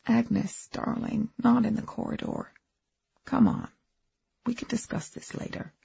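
A hushed, placating older gentleman, as a woman narrator voices him in a husky, gravelly tone. He keeps his voice low and gentle. The storybook recording is dull and dry. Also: a little slow, full character voice. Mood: soothing. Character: older man, calm, soothing husband.

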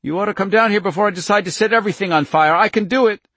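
A man reading an audiobook, voicing a frightened little girl with fiery powers who shouts shrilly. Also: high-pitched, rapid-fire, dry recording, voice pushed up. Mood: defiant.

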